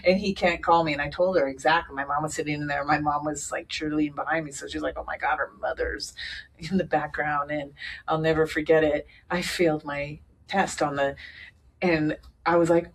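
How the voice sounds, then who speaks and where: A woman in her fifties telling a personal story in casual conversation, animated, laughing often and acting out the voices of others. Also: deep voice, a little fast, slightly rough. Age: 50s. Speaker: guest sharing a personal story.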